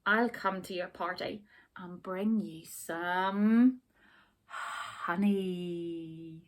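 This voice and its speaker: A woman voicing a big, hairy male bear who growls his words slowly. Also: on the low side. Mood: delighted. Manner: growling, slow.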